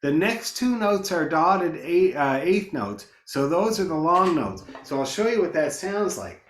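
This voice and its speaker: Male fiddle teacher, encouraging, counts in; slightly high voice, roomy sound with fiddle behind. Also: very animated, a little slow, soft background music. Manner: encouraging, counts in and calls out notes. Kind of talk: online beginner fiddle lesson. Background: fiddle playing.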